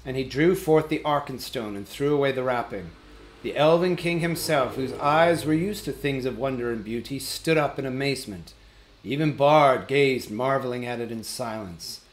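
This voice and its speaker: A man narrating a fantasy novel as an audiobook reader, in a steady, even storytelling manner. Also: mid-range voice, moderate pace, roomy sound, rough recording.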